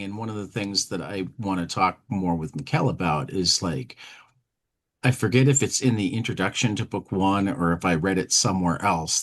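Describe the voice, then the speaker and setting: A man co-hosts a comics podcast in a casual chat, his voice low yet a bit bright. He speaks in an easygoing, hesitant way, often restarting his sentences.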